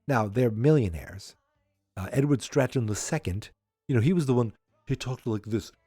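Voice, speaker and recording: Brief: male podcast host, middle pitch, rambling casual recap, dry close sound, faint music underneath. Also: a little fast, mellow, breathy edge, dry recording. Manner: rambling, chatty, with many fillers and wry asides.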